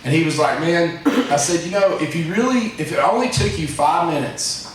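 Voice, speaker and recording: A man's voice: on the high side, normal speed, a little hiss or hum. A man giving a rambling, folksy motivational talk to his staff as company president. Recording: echoey room, distant mic.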